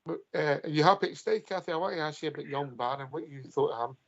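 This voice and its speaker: Gravelly Scottish radio host. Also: male voice, on the high side, quick pace, no echo, highs cut off. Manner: friendly banter, says aye and mate. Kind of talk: casual radio phone-in hosting.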